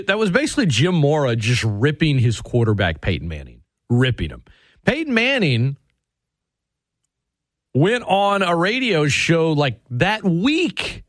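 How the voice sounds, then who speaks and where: A man hosting a sports radio show, talking in an animated, sarcastic way and swinging his pitch for emphasis. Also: dry recording, clean studio sound. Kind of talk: opinionated sports talk.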